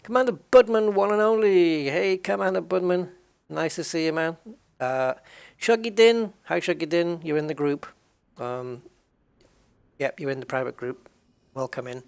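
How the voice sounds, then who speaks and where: A man's voice: a little high, normal speed, gravelly, clean tone. A tired English man chatting casually on a game livestream, greeting viewers by name with self-mocking jokes. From England. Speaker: streamer.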